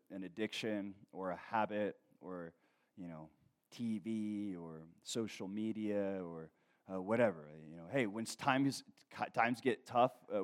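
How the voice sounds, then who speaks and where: This sermon comes from a pastor whose male voice sits on the low side. He talks conversationally, asks "okay?" often, reads scripture in a loud, slow rise, and softens for asides.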